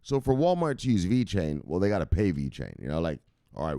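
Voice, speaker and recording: A man with a lowish voice that swings widely up and down, chatting casually as host of a livestream. He rambles, curses without a second thought and shouts quick catchphrase goodbyes, and the sound is close and dry, with no room around it. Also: big pitch swings, dry recording. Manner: profane, rambling, loud catchphrase sign-offs. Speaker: host of a cryptocurrency news livestream.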